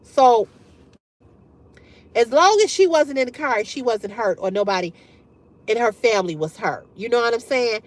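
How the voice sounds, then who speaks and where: A middle-aged woman hosting a livestream, telling a story to her chat in a candid, profane, animated way and laughing often. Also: fairly high pitch, moderate pace, long pauses. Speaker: livestream host. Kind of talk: casual storytelling to live chat.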